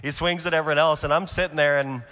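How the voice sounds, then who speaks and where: A man's voice: fairly high pitch, fairly even intonation, fast. Fervent preacher man in a big echoing hall. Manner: storytelling, swings from quiet to shouting. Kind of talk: conference sermon.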